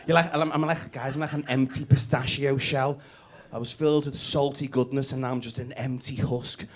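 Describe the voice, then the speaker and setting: A man's voice: mid-range voice, steady tone, normal speed. Brash Scouse man doing stand-up. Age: late 30s. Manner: brash, crude, teasing the audience. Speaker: stand-up comedian. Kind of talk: live stand-up with crowd work. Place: comedy club stage. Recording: live gig with loud crowd laughter. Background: audience laughing.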